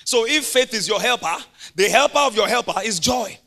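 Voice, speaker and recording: A man preaching a sermon in a Nigerian English accent, laughing often and breaking into shouts. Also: extremely high pitch, lively intonation, brisk.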